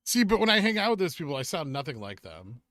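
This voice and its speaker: He reads out chat messages from his live stream and replies in a talkative Southern Californian accent, leaning heavily on "like." His voice is a little high, very animated, quick and a bit bright, on a dry recording.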